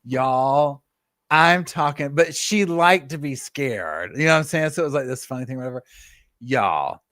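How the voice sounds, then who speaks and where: Lively man telling stories. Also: medium pitch, normal speed, dry recording, clean studio sound. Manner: animated storytelling, many fillers and asides. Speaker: live stream host. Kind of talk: casual live chat.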